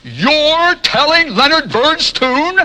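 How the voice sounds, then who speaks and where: A man's voice: very high voice, very animated, takes it slowly, pushed and bright, heavily acted. A man playing a boastful, self-important composer on a children's TV show, talking in a haughty way. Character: pompous vain male composer, boastful. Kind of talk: children's TV comedy.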